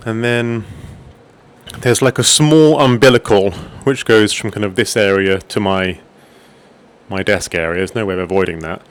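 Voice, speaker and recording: A man's voice: lowish voice, moderate pace, smooth. A man casually talking through his gaming and streaming desk at home, rambling a little with fillers and restarts. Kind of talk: casual desk setup tour. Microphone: desk microphone on arm.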